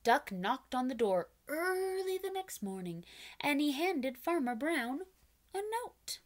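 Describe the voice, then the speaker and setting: A woman reading a picture book aloud to preschoolers, pausing to explain words and invite the children to join in. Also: high voice, sing-song. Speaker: children's storyteller.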